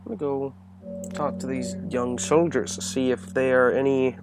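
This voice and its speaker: A man's voice: medium pitch, normal speed. Laid-back male gamer narrating his playthrough, loose and rambling, music under. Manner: relaxed, rambling, self-correcting. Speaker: let's play host. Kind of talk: casual game commentary and dialogue reading. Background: game music.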